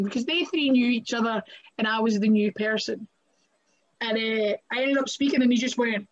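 Scottish woman, podcast guest; lively anecdotal chatter, fairly high pitch, dull lo-fi recording. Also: normal speed. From Scotland. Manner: chatty, animated, laughs often, fills with "like" and "right?". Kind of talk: casual storytelling interview. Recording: muffled lo-fi audio.

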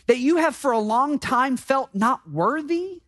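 A man preaching a sermon as pastor, emphatic and slowing down to repeat key phrases. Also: extremely high pitch, expressive, fairly bright tone, dry recording. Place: church sanctuary.

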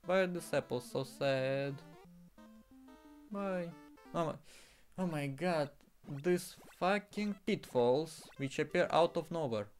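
A man talks through a retro platform game, his voice a touch high and his delivery slow and drawn out. He sounds exasperated, swears and exclaims often. Faint game music plays underneath. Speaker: gaming streamer. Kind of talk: casual game commentary.

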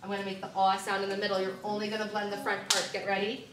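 A woman teaching first graders to blend words, with clear, directive prompts and counting down. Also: medium pitch, monotone, quick pace, background noise. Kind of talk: classroom reading lesson. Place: classroom. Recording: echoey classroom from far off, children around.

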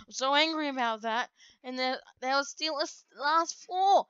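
A woman giving live commentary while playing a game, excitable and quick to outbursts of frustration. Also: high voice, clean tone, muffled recording. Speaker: gaming video creator.

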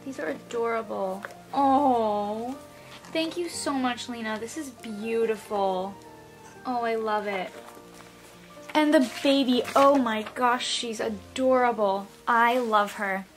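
A young woman vlogging an unboxing, gasping and gushing with delight, often trailing off softly. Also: fairly high pitch, slow pace, soft background music. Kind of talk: unboxing vlog.

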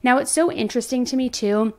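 A woman's voice: on the high side, brisk, darkish tone. A young woman commenting on a true crime case, reading a letter aloud and breaking off with indignant, skeptical remarks.

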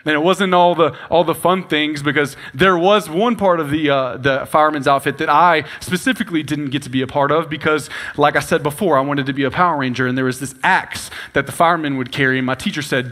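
Bright, animated young male pastor. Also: a little high, quick pace, few pauses. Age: 20s. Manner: animated, playful storytelling with quoted voices. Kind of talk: storytelling sermon.

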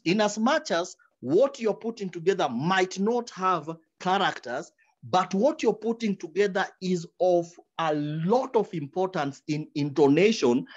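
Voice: medium pitch, muffled recording. A speaker giving advice at a writing workshop, stumbling over repeated words and dropping into examples. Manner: animated, repeats words while searching for them, drops into quoted examples. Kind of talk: advice talk in a webinar.

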